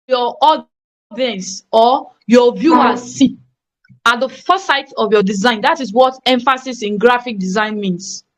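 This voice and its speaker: A woman's voice: on the high side, fairly bright tone. Emphatic woman teaching design. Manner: emphatic, repetitive, checks on students. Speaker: graphic design tutor. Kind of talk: live online class teaching.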